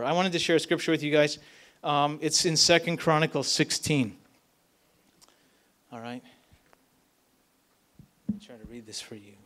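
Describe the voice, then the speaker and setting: His voice a little high and fairly bright, a man gives a relaxed, story-driven sermon at a church event. He fills it with "like" and "right?" and keeps turning to the crowd to check in.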